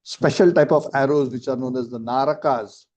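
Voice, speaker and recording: A man's voice: mid-range voice, moderate pace, darkish tone. A man teaching a scripture class, telling the story with acted quotes and asides, on a dull lo-fi recording.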